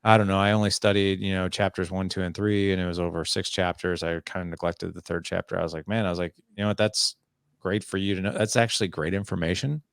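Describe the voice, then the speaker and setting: Low gravelly man telling parenting stories. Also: quick pace, dry recording. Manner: animated, acts out dialogue with his son. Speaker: podcast guest, parenting coach. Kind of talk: conversational interview storytelling.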